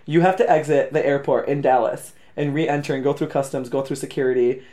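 A man, a guest in a casual chat, telling travel stories with animated delivery, acting out dialogue and laughing often. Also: medium pitch, fairly quick.

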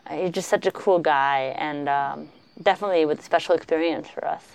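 A woman co-hosting a podcast, telling travel stories in a chatty, animated way with lots of fillers. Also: sits low, brisk, gravelly, smooth. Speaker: podcast co-host. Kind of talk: casual travel storytelling.

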